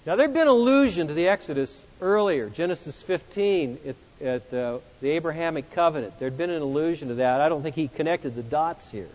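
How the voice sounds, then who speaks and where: A man preaching an expository sermon, emphatic, swinging between loud exclamations and hushed, reflective passages. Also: on the high side, expressive, brisk, hardly any pauses. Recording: muffled sound with long hall reverb.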